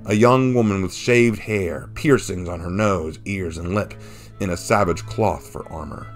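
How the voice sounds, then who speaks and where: Deep-voiced man reading a story. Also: measured pace. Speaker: narrator. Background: faint background music.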